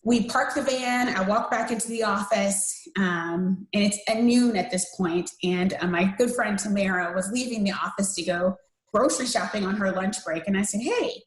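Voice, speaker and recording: Woman in her thirties, podcast guest, earnest storytelling, lots of ums and restarts, mid-pitched voice, echoey room. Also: moderate pace. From USA. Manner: earnest, many fillers and restarts. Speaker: interview guest, cancer survivor. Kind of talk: personal storytelling in a podcast interview. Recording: roomy echo.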